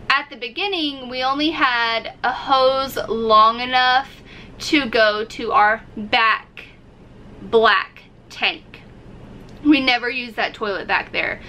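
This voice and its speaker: A woman's voice: sits high, pushed and bright, slight background noise, rough recording. A woman vlogger casually telling a story to camera, acting out her own reactions as she goes. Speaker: RV-living vlogger.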